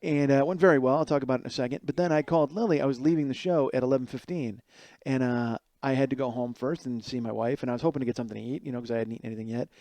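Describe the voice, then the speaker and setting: A man's voice: medium pitch, racing, a little mellow, no echo. A man in his forties hosting a comedy podcast from a friend's kitchen late at night, rambling and profane, often mocking others in put-on voices. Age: 40s. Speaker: podcast host. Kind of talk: casual comedic monologue.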